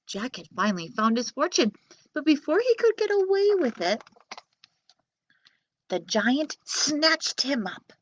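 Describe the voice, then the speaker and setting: A woman librarian reading a children's story aloud in a playful, expressive way. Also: fairly high pitch, a little slow, dry recording.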